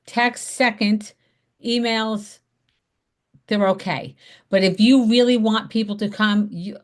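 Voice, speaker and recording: A woman's voice: mid-range voice, fairly even intonation, takes it slowly. A woman leading an online class, chatty and emphatic, acting out upbeat phone invitations. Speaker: direct sales mentor. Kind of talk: zoom class teaching. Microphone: video call.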